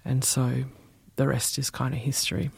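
A man's voice: mid-range voice, normal speed, gravelly, husky, dry recording. A middle-aged man from Perth with an Australian accent, telling stories expressively in an interview. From Perth, Western Australia. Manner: expressive, animated storyteller. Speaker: musician, former journalist. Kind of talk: interview storytelling.

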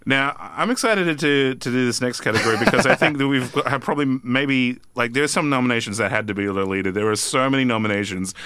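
A man's voice: mid-range voice, fast talker, few pauses, bright, forceful tone, smooth, no room sound. A man co-hosting a casual film podcast, talking with lots of hesitant fillers.

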